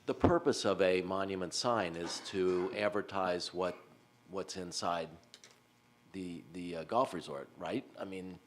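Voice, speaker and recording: Deep-voiced rambling council member, a man. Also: a little slow, slight background noise. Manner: rambling, tentative with fillers. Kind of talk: public meeting discussion.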